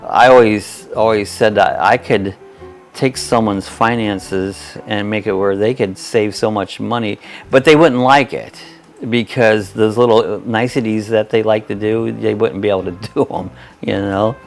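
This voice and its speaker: Gravelly older man chatting folksily. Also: lowish voice, fairly even intonation, measured pace, soft background music. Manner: folksy and rambling, chuckles often, reads comments aloud. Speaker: host of a live chat stream. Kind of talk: casual chat reading viewer comments.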